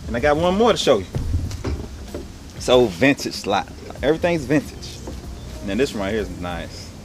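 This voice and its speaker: A man's voice: mid-range voice, big pitch swings, normal speed, a little hiss or hum. A young man casually talking through his resale haul in a laid-back, rambling, slangy way. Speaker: online reseller showing his haul.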